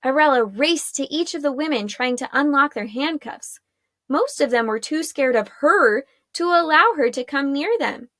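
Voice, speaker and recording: A woman narrating a chapter of a fantasy story in a steady storytelling manner. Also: high voice, normal speed, dry recording, clean studio sound. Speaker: audiobook narrator. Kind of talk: scripted narration.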